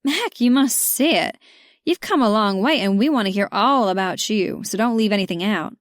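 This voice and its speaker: A woman's voice: medium pitch, dry recording, clean studio sound, lightly acted. Keely: a woman doing a drawling Southern friend. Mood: bossy. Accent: thick Southern US. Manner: drawling, slow and sweet. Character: Southern woman, bold, teasing best friend. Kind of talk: audiobook character voice.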